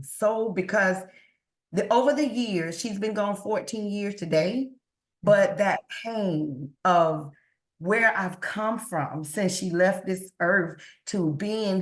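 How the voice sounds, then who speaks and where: A woman appears as a podcast guest in emotional interview talk, speaking earnestly about faith and often repeating words when she is moved. Her voice is medium-pitched and a bit bright, recorded in an echoey room.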